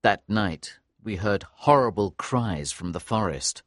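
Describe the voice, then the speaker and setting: A man giving a scripted audiobook narration of a story in a clear, lively storytelling manner. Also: fairly low pitch, takes it slowly, no room sound, studio quality.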